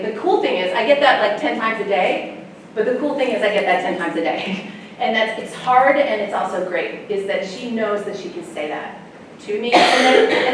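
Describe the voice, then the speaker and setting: A woman, a sex educator, giving a chatty, animated talk to parents and often laughing. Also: fairly high pitch, a little hiss or hum. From United States. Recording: echoey room, mic far off, faint ambience.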